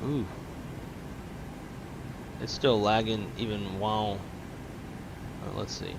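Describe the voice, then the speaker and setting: A man's voice: lowish voice, steady tone, slow, gravelly, noisy background. A man hosting a flight simulator stream, chatting casually with his co-pilot, swearing freely and laughing often. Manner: loose, profane, laughs often. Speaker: flight sim streamer and host. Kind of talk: casual gaming chat.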